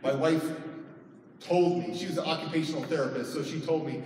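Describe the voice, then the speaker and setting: A man's voice: on the high side, fairly quick, a little mellow. Man, middle-aged, conference speaker, emotional storytelling, long hall reverb, faint background noise. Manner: emotional, voice rising sharply in retold arguments. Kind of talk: personal storytelling speech. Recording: echoey hall, heard from far off.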